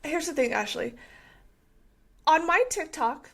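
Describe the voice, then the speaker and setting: A woman co-hosting a casual podcast, talking in an indignant, forceful and insistent way. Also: sits high, unhurried, gravelly. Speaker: podcast co-host.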